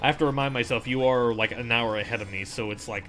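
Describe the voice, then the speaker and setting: A man's voice: medium pitch, fast, a bit bright, soft background music. A man streaming a video game, chatting casually with lots of "like" fillers and goofy asides.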